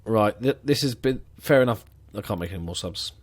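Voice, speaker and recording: A man with a fairly low voice talks through a football management match. He mutters dry, sarcastic asides and casual commentary as the game plays. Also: expressive, a little fast. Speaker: gaming commentator.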